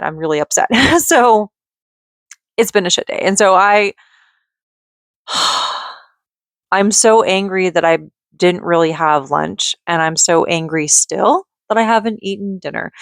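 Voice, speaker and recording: A woman's voice: on the low side, a bit bright, dry recording. A woman venting in a casual vlog, rambling and frustrated, with lots of fillers and bursts of speech. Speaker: vlogger; mother and call center worker.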